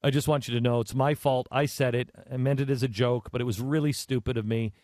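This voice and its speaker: A man voicing a contrite male politician who apologizes in a hushed, halting way. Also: medium pitch, fairly even intonation, no echo, studio quality, natural voice.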